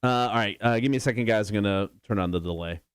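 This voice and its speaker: A man co-hosting a morning radio show, easygoing and quick to laugh. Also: lowish voice, clear, resonant tone, no room sound, clean studio sound. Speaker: radio co-host. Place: radio studio.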